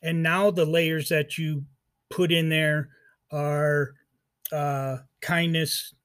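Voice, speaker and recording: A man hosting an interview podcast, asking questions in a halting way with many restarts. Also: fairly high pitch, little pitch movement, fairly bright tone, clear, resonant tone. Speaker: podcast host. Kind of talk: conversational interview.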